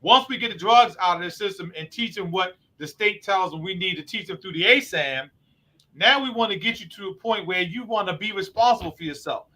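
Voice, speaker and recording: A man's voice: high voice, fairly quick, pushed and bright. A man who runs a recovery program, hosting a talk show and explaining his work earnestly. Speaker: host, recovery program owner. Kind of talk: conversational talk show discussion.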